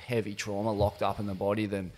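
A man's voice: lowish voice, little pitch movement, fast, darkish tone. Easygoing Australian podcast host, man. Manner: easygoing, reflective, swears casually. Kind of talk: casual interview.

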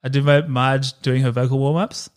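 A man's voice: medium pitch, fairly even intonation, normal speed. A man co-hosting a podcast in casual chat, joking and rambling with fillers, says he is hungover. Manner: jokey, rambling with fillers and laughs. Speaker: podcast co-host.

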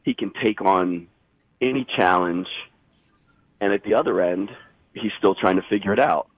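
A man with a low, husky voice is fighting a cold and phoning in to sports radio as an insider guest to analyze basketball. He speaks at a moderate pace, rambling, emphatic, and correcting himself as he goes. The recording is dry and muffled.

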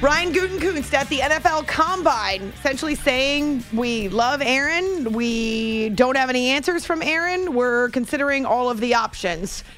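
A woman hosting a late-night sports radio show, chatting quickly with laughs and asides. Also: high voice, fairly bright tone, soft background music. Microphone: studio microphone.

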